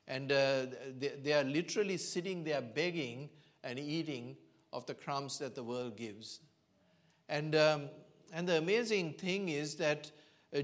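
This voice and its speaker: A man preaching a sermon in church, telling a Bible story slowly and earnestly, with frequent pauses and fillers. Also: fairly high pitch.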